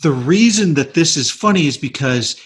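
A man co-hosting a casual movie podcast, telling behind-the-scenes stories with animated retellings and frequent laughter. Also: a little high, moderate pace, breathy edge. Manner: animated storyteller, laughs often. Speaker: podcast co-host.

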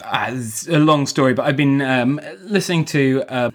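A man's voice: medium pitch, moderate pace. Rambling, joking man co-hosting a podcast. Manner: rambling, joking, many restarts. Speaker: podcast co-host. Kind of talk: casual chat.

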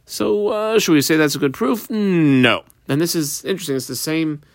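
A man's voice: a little high, normal speed, dry recording, clean studio sound. A man teaching a Talmud page step by step, mixing Aramaic and Hebrew terms into plain English explanation. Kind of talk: page-by-page Talmud study lesson.

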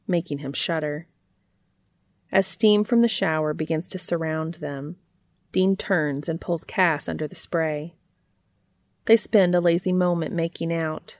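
A woman reads a story aloud in a steady, even way. Her voice sits low with a gravelly fry. The recording is dry and close. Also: dry recording. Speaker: narrator. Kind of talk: reading fiction aloud.

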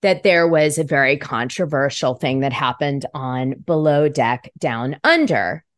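A woman hosting a podcast in casual chat, chatty and quick to laugh. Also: extremely low pitch, animated, no room sound, studio quality. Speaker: podcast host.

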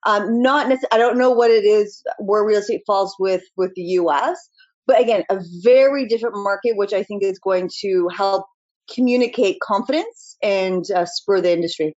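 A woman's voice: mid-range voice, moderate pace, a little mellow. Confident woman on a lo-fi call. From Canada. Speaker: guest, real estate executive.

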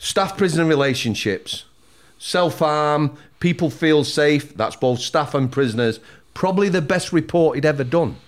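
A former prison officer talking in a measured way and repeating words as he searches for them. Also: a little high. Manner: measured, repeats himself while finding words. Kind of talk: conversational discussion.

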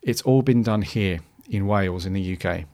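A man's voice: low voice, normal speed, dark tone. A man hosting a podcast, talking casually and rambling with many restarts and fillers. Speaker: podcast host.

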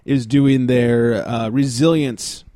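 A man's voice: mid-range voice, steady tone, slow pace, dark tone, no room sound. A man hosting a casual beer podcast, laid-back and rambling, laughing often as he talks. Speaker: podcast host.

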